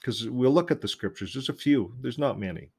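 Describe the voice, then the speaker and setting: A man's voice: medium pitch, lively intonation, a little fast, creaky, a little mellow, breathy edge. A man hosting his own channel, talking loosely with many fillers and reading out passages from old religious magazines. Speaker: channel host.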